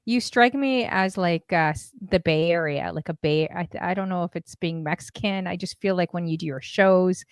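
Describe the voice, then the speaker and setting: A woman's voice: on the low side, moderate pace, hardly any pauses, clear, resonant tone, no echo. A woman from Canada hosting a casual interview, bubbly and chatty, saying "like" often. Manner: bubbly, chatty, with lots of "like" and laughter. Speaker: podcast host.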